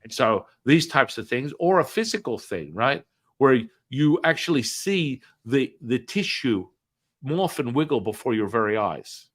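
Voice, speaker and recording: A man hosts a podcast and tells a story at an ordinary middle pitch. He talks in a loose, chatty way, full of fillers and tag questions. When he quotes people, his voice leaps up in pitch and volume. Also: sing-song, unhurried. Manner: acts out quoted dialogue with big swings in pitch and loudness. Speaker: podcast host. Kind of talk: animated storytelling.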